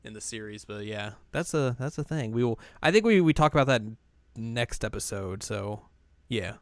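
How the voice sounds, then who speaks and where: A young man talks loosely on a podcast, clear and smooth in tone. His voice is close and dry on the mic, and he slips into goofy voices for characters' lines. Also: mid-range voice, lively intonation, normal speed, dry recording. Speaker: podcast co-host. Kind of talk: casual chat.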